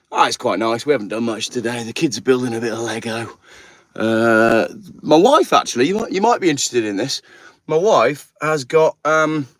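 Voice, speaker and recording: A man's voice: medium pitch, dry recording. A man hosting a casual livestream, chatting and greeting viewers while cleaning his car outdoors. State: a little out of breath. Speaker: channel host.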